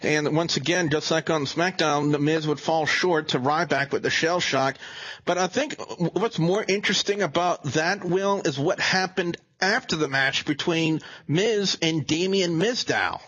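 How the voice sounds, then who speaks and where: A man hosting a casual podcast, giving a steady recap of a wrestling show. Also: fairly high pitch, unhurried, dull audio.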